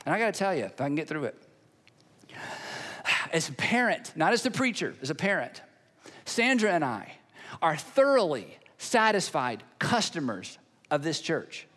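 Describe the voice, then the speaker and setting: A man's voice: a little high, big pitch swings, normal speed, long pauses, a bit bright. A middle-aged man preaching a sermon as a pastor, telling stories in a conversational way and repeating phrases for emphasis. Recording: long hall reverb.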